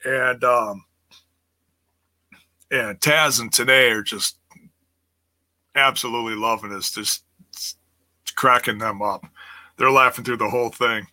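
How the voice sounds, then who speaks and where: A man's voice: mid-range voice, steady tone, takes it slowly, pauses often, bright, forceful tone, dry recording. A man casually recapping wrestling matches and reading live chat aloud, rambling and laughing often. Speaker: wrestling review host.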